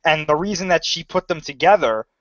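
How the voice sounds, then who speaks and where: High-pitched guy on a podcast, fast and emphatic, dry lo-fi sound. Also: lively intonation, fairly bright tone, no room sound. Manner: quick, emphatic explaining. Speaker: podcast co-host. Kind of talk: fan podcast discussion.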